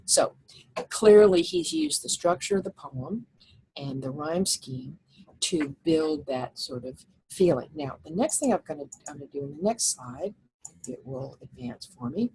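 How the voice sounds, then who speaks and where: Woman teacher, low and husky, patient explanatory lecture delivery. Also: very animated, measured pace, a little mellow, poor audio. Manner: explanatory, with frequent fillers and restarts. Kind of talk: recorded lecture with slides.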